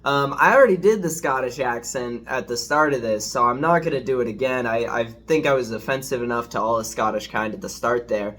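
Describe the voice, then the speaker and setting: A man's voice: medium pitch, brisk, few pauses, fairly bright tone. A man chatting casually as a food reviewer, rambling and hesitant, self-deprecating as he hunts for words, with a dishwasher running in the background. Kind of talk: casual home review vlog.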